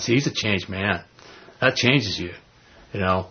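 Low gravelly man leading a Bible study. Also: normal speed. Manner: conversational, rambling, frequent "you know" and "okay?". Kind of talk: informal Bible teaching. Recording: dull lo-fi recording with faint noise.

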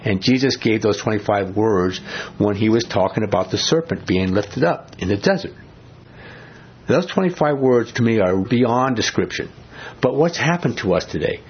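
A man preaching a sermon in a conversational way, asking his listeners questions and going low and slow when he quotes scripture. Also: slightly rough. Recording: dull lo-fi recording.

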